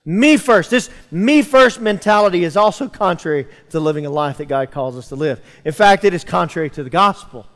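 Fervent preacher in a reverberant hall. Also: male voice, on the high side, animated, a little fast, few pauses, a bit bright. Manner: preaching with rising emphasis and calls to the congregation. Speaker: pastor. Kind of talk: sermon. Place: church sanctuary.

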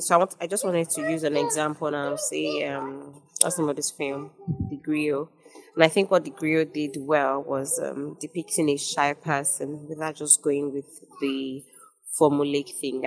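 Woman on a film panel, low voice, critical, lots of ums. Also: vocal fry. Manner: earnest and critical, with fillers. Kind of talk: casual online discussion.

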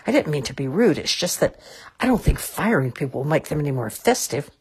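A woman's voice: low voice, big pitch swings, a little fast, darkish tone, slightly rough, exaggerated voice. A woman voicing an earnest, brave little girl in a storybook reading. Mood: timid.

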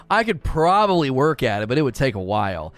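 A male streamer chatting casually with his viewers, with an ordinary mid-range voice. He rambles, laughs often and loops back on his words, and faint music plays underneath. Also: mid-range voice. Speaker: livestream host reading viewer chat. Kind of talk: casual livestream chat.

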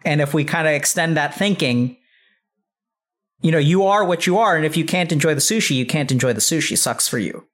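A man explaining in a calm, coaching manner, speaking in measured sentences. His voice sits somewhat high for a man, and he answers often with a short yep. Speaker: host giving advice on the mind.

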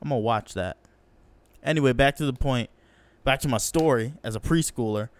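A young man hosting a casual solo podcast, telling a childhood story in a slangy, profane way and acting out quotes in a higher voice. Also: moderate pace, smooth. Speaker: podcast host.

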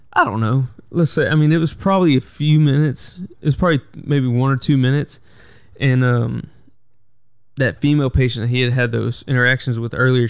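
A man's voice: medium pitch, vocal fry, smooth, dry recording, clean studio sound. A man hosting a solo podcast, telling a work story in a rambling way with lots of fillers. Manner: rambling, filler-heavy retelling. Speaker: podcast host. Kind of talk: casual storytelling monologue.

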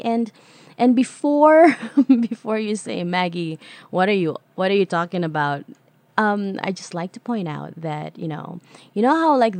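Woman host, solo podcast chat, bubbly and rambling, mid-pitched, dry close sound. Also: darkish tone, dry recording. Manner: bubbly, rambling, talks to listeners as "beautiful creatures"; voices imagined listener questions to herself.

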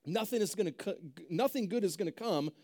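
A man's voice: sits high, animated, fairly quick, mellow. A young adult male pastor preaching a sermon in a conversational way, often checking in with "right?".

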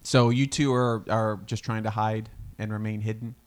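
A man narrating as game master in a tabletop game, relaxed and quick to laugh. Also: fairly low pitch. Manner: relaxed, laughs often, easygoing.

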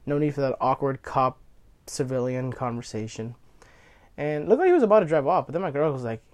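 A man's voice: medium pitch, lively intonation, quick pace, a little mellow. A young man casually telling a personal anecdote, rambling and correcting himself as he goes, cursing freely. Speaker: storyteller.

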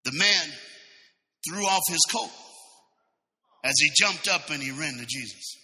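Guy preaching loud and lively, bright high voice, long church echo. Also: measured pace. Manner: animated, shouting, laughing asides. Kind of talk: sermon. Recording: reverberant church sanctuary sound.

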